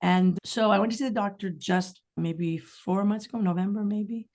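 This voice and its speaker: A middle-aged woman with a mid-range voice, speaking at a moderate pace. She's a singer-songwriter guest on a casual podcast, telling candid, rambling stories full of lively asides.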